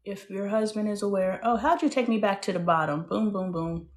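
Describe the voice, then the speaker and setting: A woman in her thirties hosting a casual livestream chat, telling stories in a chatty, animated way with playful exclamations. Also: mid-range voice, fairly quick. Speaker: host.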